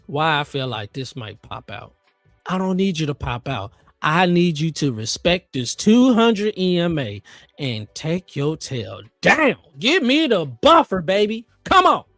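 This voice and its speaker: A man hosts a live futures trading stream, talking at a fairly high pitch. He coaxes and pleads with the market in an excitable, chatty way and keeps calling on viewers. The sound is dry and close, with faint music underneath. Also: unhurried, dry recording. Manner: chatty with viewers, asks for likes. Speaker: livestream host and futures trader.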